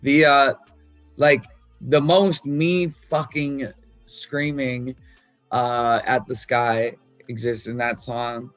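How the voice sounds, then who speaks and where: Slow and level in a mid-range, slightly bright voice, a musician talks loosely and candidly about songwriting on his album, cursing freely and leaning on fillers. There's no echo, just faint music behind him.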